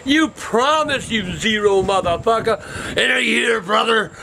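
Cast a man as a furious old grandpa in his sixties, high and gravelly, swearing nonstop through faint background hiss. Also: measured pace, exaggerated voice. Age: over 60. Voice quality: gravelly, high-pitched, shouty. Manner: cursing constantly, yelling insults. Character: foul-mouthed angry old grandpa, hot-tempered. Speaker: comedy web series character. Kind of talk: profane ranting comedy.

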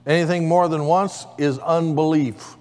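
In a church sanctuary, a man leads his congregation as pastor, delivering a sermon punctuated by call-and-response amens. He speaks a little slowly in a fairly high, steady, slightly mellow voice, with long hall reverb around him.

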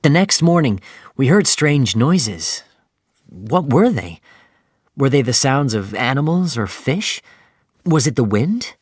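A man narrating a simplified storybook in a slow, clear reading manner. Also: medium pitch, very animated, no echo, studio quality. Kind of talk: graded reader audiobook narration.

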